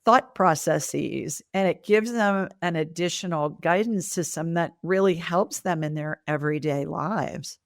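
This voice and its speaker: Older woman telling lively stories. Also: lowish voice, unhurried, few pauses, no room sound, studio quality. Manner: animated storyteller, acts out quoted voices. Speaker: podcast guest, medical intuitive. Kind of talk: conversational storytelling interview.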